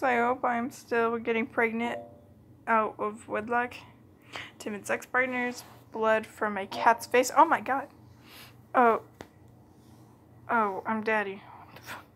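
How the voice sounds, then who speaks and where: Slow-talking playful woman gamer. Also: on the high side, steady tone, a bit bright. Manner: playful, giggly, muttering asides. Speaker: gaming channel host. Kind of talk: let's play commentary, reading cards aloud.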